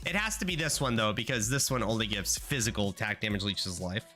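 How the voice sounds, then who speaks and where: A man's voice: fairly low pitch, fast, pushed and bright, soft background music. A young man streaming a video game, chatting casually to his audience in playful, rambling rants with lots of swearing. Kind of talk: casual gaming livestream chat.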